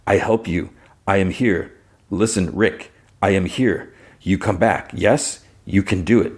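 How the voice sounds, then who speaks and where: Man as an urgent pleading man, broken english, short repeated phrases, deep voice. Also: measured pace, husky. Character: intense, urgent man coaxing someone back.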